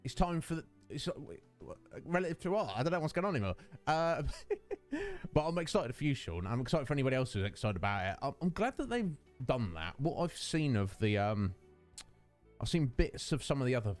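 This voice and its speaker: A man hosting a live game stream, his mid-pitched voice swinging freely up and down as he talks. He chats fondly with his viewers and rambles loosely from one thought to the next. Soft game music plays faintly underneath. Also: very animated, brisk. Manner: affectionate, rambling, chatting with viewers. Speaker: Twitch streamer.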